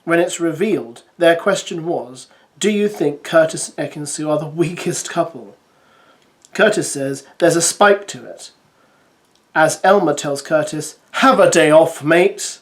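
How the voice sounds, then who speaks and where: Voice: mid-range voice, measured pace. A reality TV commentator doing a recap, reading out summaries with wry, chatty asides to viewers.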